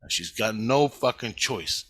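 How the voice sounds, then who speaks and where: Man voicing divine male spirit, calm, measured, reassuring, bright voice. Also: fairly low pitch, no echo. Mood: solemn.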